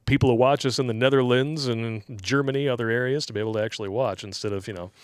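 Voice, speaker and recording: A man's voice: medium pitch, steady tone, quick pace, clean tone, no echo, clean studio sound. A man co-hosting a casual livestream, reading donor messages aloud and making crude jokes that he laughs at himself. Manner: crude joking, reads tips aloud, laughs at own jokes.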